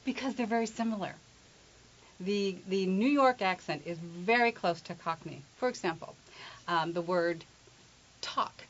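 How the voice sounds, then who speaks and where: A woman's voice: mid-range voice, measured pace. A middle-aged woman from England who works as an accent coach, explaining accents in an interview with playful spoken examples. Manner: playful, demonstrative, teasing. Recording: dull lo-fi recording.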